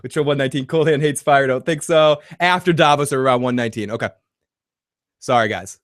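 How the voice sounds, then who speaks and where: A man hosting a live trailer reaction stream, excitable and profane, often bursting into shouts. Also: mid-range voice, fairly quick, no room sound.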